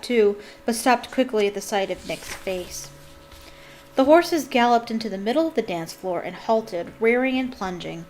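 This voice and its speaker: A woman giving an expressive, dramatic reading of a novel, shifting emphasis with the story. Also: a little high, slight background noise, poor audio. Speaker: reader.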